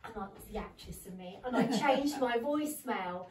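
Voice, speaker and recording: A woman's voice: on the high side, animated, moderate pace. A woman in her thirties doing a stand-up comedy set without a microphone, chatty and giggling at her own jokes. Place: comedy venue room with audience. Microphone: no microphone, recorded from a distance. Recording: echoey room, voice from far off.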